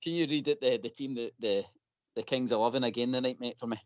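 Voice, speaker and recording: A man's voice: medium pitch, fairly even intonation, quick pace, dry recording. A Scottish man on a fan phone-in, chatting in broad dialect and getting carried away into impassioned rants. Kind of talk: casual chat. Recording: dry, dull lo-fi audio.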